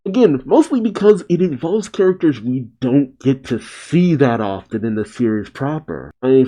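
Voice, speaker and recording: A man's voice: mid-range voice, dark tone. A man reading a story aloud and commenting on it in a chatty way, with laughing asides. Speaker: reaction host.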